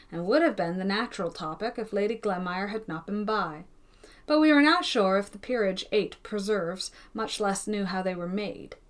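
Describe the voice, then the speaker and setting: A woman narrating a classic novel in a calm, measured storytelling voice. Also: mid-range voice. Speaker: audiobook reader. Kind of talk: scripted narration.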